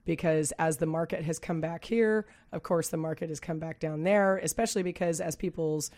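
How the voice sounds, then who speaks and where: A woman talks on a studio radio show, her lowish voice husky and a little worn from a recent cold. She chats freely, laughs easily and trips over her words now and then. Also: steady tone, brisk, a little mellow. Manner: chatty, laughs often, stumbles over words. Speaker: real estate agent and co-host. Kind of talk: casual radio chat.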